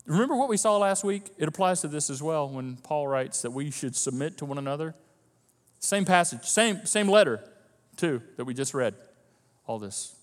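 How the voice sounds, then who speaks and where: A man's voice: on the high side, moderate pace, big-room sound. A male pastor preaching a sermon, acting out the voices of his listeners as he goes. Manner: animated, acts out quoted voices of listeners. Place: church hall.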